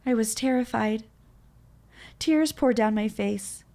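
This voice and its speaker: A man reading game narration aloud as a young woman, in a steady storybook manner. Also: high voice, takes it slowly.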